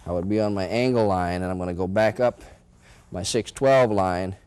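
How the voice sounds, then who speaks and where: Low-voiced man coaching martial arts. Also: normal speed, a little mellow, smooth. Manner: calls out moves while performing them; chuckles between counted steps. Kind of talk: demonstrating martial arts moves. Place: indoor training room.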